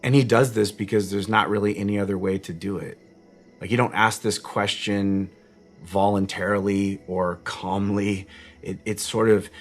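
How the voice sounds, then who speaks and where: Low-voiced man giving a reflective outdoor sermon. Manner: reflective, conversational, earnest, with frequent restarts. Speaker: pastor. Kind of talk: casual devotional sermon. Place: backyard garden at nightfall, outdoors.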